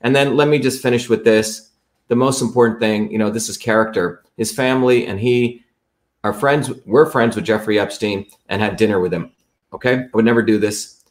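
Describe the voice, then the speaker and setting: A man's voice: on the low side, fairly even intonation, normal speed. A man hosting a livestream, walking viewers through a website in an emphatic, repetitive way and checking in with the audience often. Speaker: livestream host.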